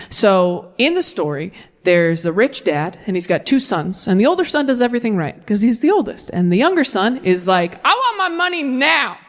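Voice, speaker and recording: A woman in her thirties performing a stand-up comedy set, with fast, sarcastic delivery and big character voices. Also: medium pitch. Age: 30s.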